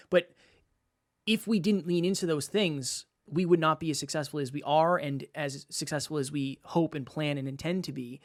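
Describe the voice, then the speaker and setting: Animated podcast host man. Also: on the high side, moderate pace, dry recording, studio quality. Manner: animated, uses sports analogies, repeats phrases. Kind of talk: casual podcast talk.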